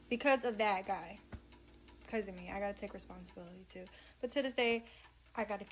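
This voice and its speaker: A young woman telling a dating story in a casual storytime vlog, animated and slangy, acting out the dialogue. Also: mid-range voice.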